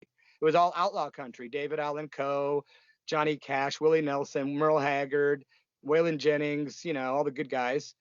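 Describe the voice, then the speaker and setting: A man's voice: fairly high pitch, little pitch movement, moderate pace, smooth, no echo, dull audio. A man, a punk musician telling stories in a casual interview, blunt and profane, rambling with lots of fillers.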